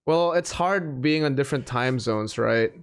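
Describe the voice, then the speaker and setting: A man chatting casually as a streamer guest, relaxed and full of filler words. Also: mid-range voice, a little slow, clear, resonant tone. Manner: relaxed, lots of "like" fillers, swears. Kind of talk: casual chat.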